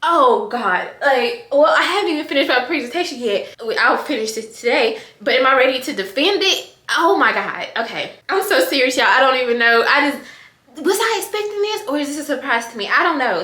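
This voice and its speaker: A middle-aged woman talking casually to the camera in a vlog, excited and emotional, often calling her viewers "y'all". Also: high-pitched, brisk. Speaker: vlogger. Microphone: camera on desk. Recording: echoey room.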